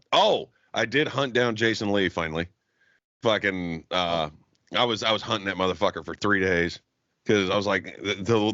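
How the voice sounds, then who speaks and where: Low-voiced man telling profane stories. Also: a bit bright, no room sound. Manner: profane, laughing, acts out quotes. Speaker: podcast co-host. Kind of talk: casual storytelling chat. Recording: dull, lo-fi podcast audio.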